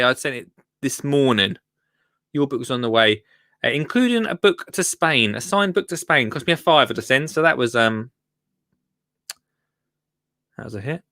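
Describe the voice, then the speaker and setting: A man's voice: medium pitch, fairly bright tone, no room sound, studio quality. Chatty man hosting a live show. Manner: chatty, rambling, jokey, self-interrupting. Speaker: host of a live gardening show. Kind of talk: casual live-stream chat.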